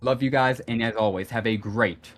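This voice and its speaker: With a mid-range voice and a moderate pace, a young man guesting on a gaming stream rambles through a story in a casual group chat, leaning on "like" and "you know." Soft music can be heard faintly behind him.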